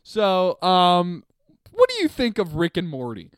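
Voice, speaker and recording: A young man from Canada co-hosting a podcast, excitable and profane, laughing often in casual banter. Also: high-pitched, measured pace, clear, resonant tone, no room sound, studio quality. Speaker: podcast co-host.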